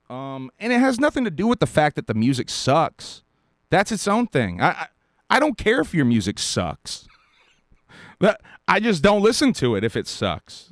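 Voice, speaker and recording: A man's voice: fairly high pitch, no room sound. A man from South Carolina hosting a live stream, ranting bluntly and profanely with short laughs and a dry mouth. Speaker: podcast host. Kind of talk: live-stream commentary rant.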